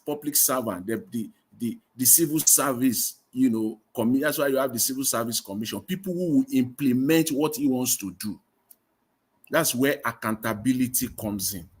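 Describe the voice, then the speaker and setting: A man's voice: mid-range voice, husky. A man hosting a live call-in debate, stressing his points by repeating them emphatically. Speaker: host of a live discussion stream.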